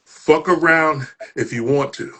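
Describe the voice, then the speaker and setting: Guy hosting a poetry room, high voice, slow and dramatic, slams lines out loud. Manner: dramatic spoken word, rising to shouts. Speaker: host of a poetry show. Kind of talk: performance poetry recital.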